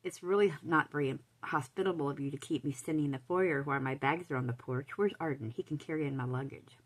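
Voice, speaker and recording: A woman's voice: low voice, fast, low-quality recording. Woman voicing a sneering, spiteful young woman. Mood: silky. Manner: sneering, taunting, smooth. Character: mocking, spiteful young woman, the half-sister.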